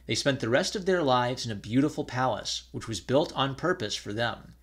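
A man reading an old fairy tale aloud in a measured storytelling manner. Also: mid-range voice, animated, fairly bright tone.

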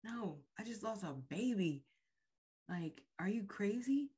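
A woman podcast host slowly and frankly retelling a painful personal experience in an emotional, storytelling way. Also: medium pitch, expressive, dark tone, slightly rough.

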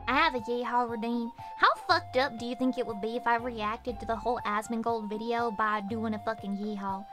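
A young woman streaming, chatting casually with her viewers and swearing with loud outbursts. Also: on the high side. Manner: profane, loud outbursts, rowdy. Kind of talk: casual chat reading chat messages.

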